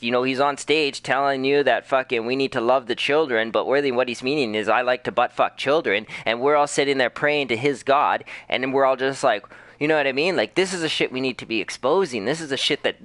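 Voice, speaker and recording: A man's voice: medium pitch, a bit bright, dry recording. A young man, a gaming streamer, giving a heated, profane and impassioned rant. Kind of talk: casual rant over gameplay.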